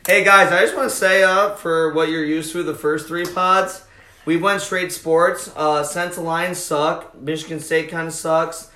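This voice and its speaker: A man with a Midwestern American accent hosting a casual podcast, excitable and quick to laugh. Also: on the high side, roomy sound. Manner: excitable, laughing, plugs the show. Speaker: podcast host.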